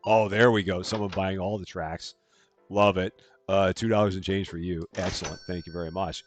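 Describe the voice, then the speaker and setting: A man's voice: sits low, fairly even intonation, moderate pace, faint music behind. A man streaming a game live, chatting through his moves and thanking viewers as he plays. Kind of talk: live gameplay commentary.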